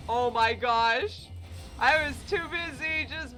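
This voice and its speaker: A woman's voice: high voice, slow, bright, forceful tone. A woman giving casual let's-play commentary, exclaiming and laughing at the game as she plays. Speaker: gamer playing on a channel. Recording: faint game music behind.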